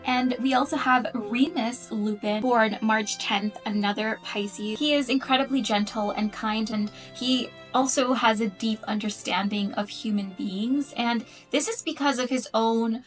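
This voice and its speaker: A woman's voice: on the high side, a little slow, few pauses, faint music behind, low-quality recording. A woman talking in a casual, explaining way, earnest and thinking aloud with the odd "um". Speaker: astrology content creator.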